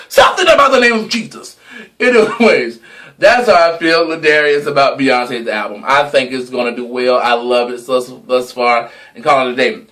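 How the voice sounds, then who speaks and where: A man's voice: medium pitch, measured pace, fairly bright tone. A young man in a casual gossip vlog, sassy and dramatic, swearing freely and stretching words for emphasis. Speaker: vlogger.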